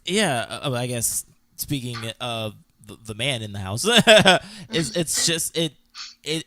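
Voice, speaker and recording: A man's voice: medium pitch, a bit bright. A man in casual podcast chat, speaking hesitantly with many restarts and laughs.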